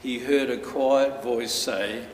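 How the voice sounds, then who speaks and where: A man preaching a sermon, telling a story earnestly with dramatic pauses. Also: mid-range voice, steady tone, slight background noise. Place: church hall. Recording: echoey hall from far off.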